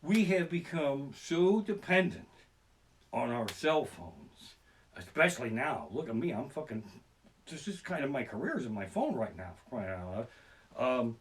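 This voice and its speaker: A man ranting through a profane stand-up story, talking fast and jumping into panicked shouted voices. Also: mid-range voice, very animated. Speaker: comedian. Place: living room. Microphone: basic home streaming setup.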